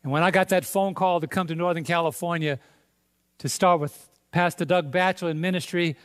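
A man with a New York accent preaching a sermon, emphatic, with sudden loud stresses on key words. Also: a little high, steady tone, a little fast, smooth. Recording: long hall reverb.

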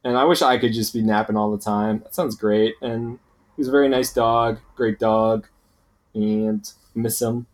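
A man's voice: on the low side, a little slow. A man co-hosting a podcast, telling rambling, complaining stories in casual chat. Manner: rambling, complaining, animated storytelling. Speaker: podcast co-host.

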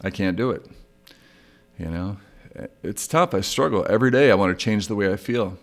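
A man's voice: lowish voice, lively intonation, moderate pace. A middle-aged man hosting a solo podcast, talking candidly and reflectively about his own struggles. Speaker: podcast host. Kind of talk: solo recovery podcast monologue.

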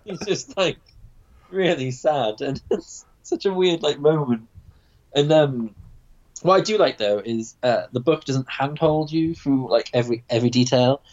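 A man's voice: medium pitch, unhurried, darkish tone. Rambling man, slightly muffled. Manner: rambling, many fillers and restarts. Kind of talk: casual comic book discussion.

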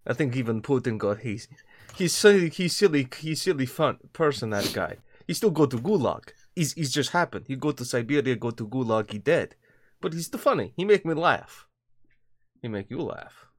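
A man on a podcast doing a parody Russian accent, speaking broken English and making deadpan boasts. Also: medium pitch, moderate pace, natural voice. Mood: mock boastful. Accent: mock Russian. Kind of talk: podcast comedy bit.

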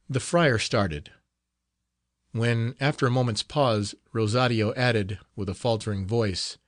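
A medium-pitched man brings a classic novel to life as an audiobook, narrating in a measured, expressive storytelling style. The studio-quality recording carries no room sound.

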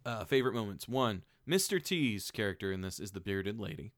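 A man casually retelling a strange movie, animated, with plenty of ums, likes and swearing. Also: on the low side, brisk, no echo, studio quality.

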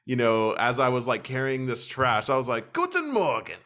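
A man's voice: mid-range voice, normal speed. A young American man from Kentucky, chatting casually as a podcast co-host and acting out quoted voices as he tells stories. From Kentucky, USA. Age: young adult. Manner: animated storyteller, acts out quoted voices, swears casually. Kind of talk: casual chat.

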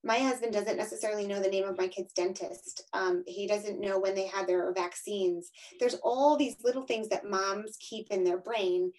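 A woman's voice: medium pitch, steady tone, normal speed, hardly any pauses, darkish tone, poor audio. A woman in her thirties or forties giving a frank, emphatic interview answer, often tagging her points with "right?". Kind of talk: candid conversational interview.

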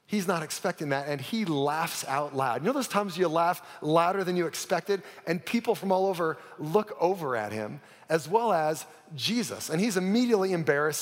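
A man preaching a sermon, telling a story with dramatic drops into a hush. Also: a little high, big-room sound. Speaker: pastor. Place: church auditorium.

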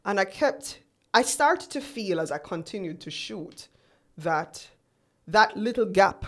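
A woman's voice: mid-range voice, lively intonation, takes it slowly. A woman in her forties, a guest on an interview show, telling her story in a chatty way and acting out remembered conversations. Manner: chatty, acts out remembered dialogue. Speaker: guest entrepreneur.

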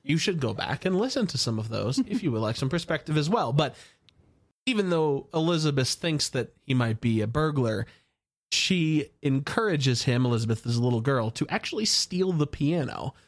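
Lively, wry podcast co-host. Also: medium pitch, moderate pace. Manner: wry, expressive, joking asides. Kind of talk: casual podcast review chat.

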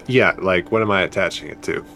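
A man's voice: sits low, animated, normal speed, creaky, a bit bright. A man playing a tabletop game, talking casually and asking questions. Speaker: player.

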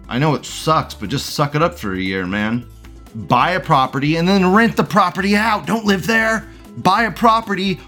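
A man's voice: medium pitch, fairly bright tone. A young man hosting a livestream, ranting crudely and profanely in casual commentary and laughing often. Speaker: livestream host reading chat.

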